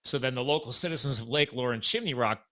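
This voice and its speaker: A man's voice: mid-range voice, fast talker. A middle-aged man hosting a podcast, telling a story in casual chat and acting out the quoted dialogue. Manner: animated, acts out quoted dialogue. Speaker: podcast host.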